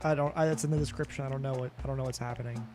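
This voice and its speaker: A man's voice: medium pitch, steady tone, racing, over music. A tired, sleepy man streaming a game late at night, rambling in casual chat with lots of fillers and restarts that trail off.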